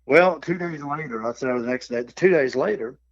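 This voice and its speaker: A middle-aged turkey hunting instructor spins a lively yarn in a casual podcast chat, acting out the quotes and the turkey calls himself. His voice is on the high side at normal speed, with no room sound. The podcast microphone gives dull, dry, lo-fi audio.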